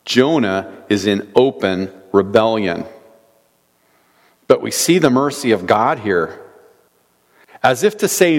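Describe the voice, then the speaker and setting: A man's voice: mid-range voice, lively intonation, slow. A man preaching an earnest sermon, reading scripture aloud and asking rhetorical questions. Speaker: pastor. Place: church sanctuary. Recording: long church hall reverb.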